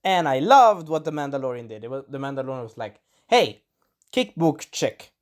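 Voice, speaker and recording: Casual reviewer, from Sweden, non-native speaker, scratchy throat, animated pitch. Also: fast talker. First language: Swedish. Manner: rambling, enthusiastic, acts out quotes in little voices. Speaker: video reviewer. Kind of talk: casual spoiler review monologue.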